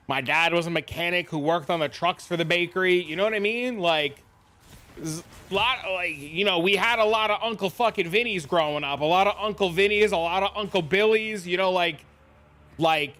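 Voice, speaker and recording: A man's voice: high voice, pushed and bright. A man streaming, telling rambling, profane stories in casual chat. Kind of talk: casual storytelling.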